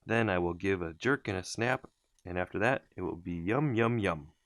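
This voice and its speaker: A man's voice: low-pitched, normal speed, a bit bright, no echo. A man voicing a scheming, greedy male crocodile who mutters and gloats to himself.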